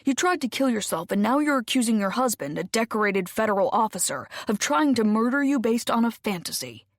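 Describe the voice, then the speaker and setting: A woman's voice: medium pitch, lively intonation, moderate pace, creaky, no echo, studio quality. A woman voicing a smug husband who talks in a mocking, dismissive way.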